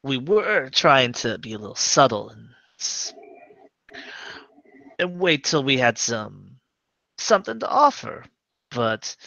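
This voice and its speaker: A tabletop role-play player who talks slowly and hesitantly, with many fillers, in and out of character. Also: mid-range voice, vocal fry, a bit bright, dry recording, muffled recording.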